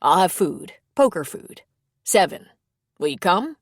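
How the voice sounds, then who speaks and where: A woman's voice: on the low side, very animated, unhurried, no room sound, clean studio sound, heavily acted. A woman reading the lines of an eager, friendly middle-aged man who invites a guest over, in an audiobook.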